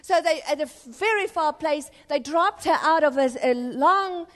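Woman preacher, high voice, impassioned sermon, church reverb. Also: measured pace. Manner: impassioned, rising to urgent exhortation and dropping to hushed tones.

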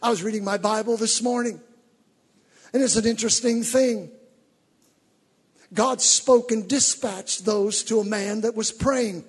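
A male preacher giving a fervent sermon, rising from teaching to shouted exhortations. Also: sits high, steady tone, measured pace, pauses often, breathy edge, long reverb tail.

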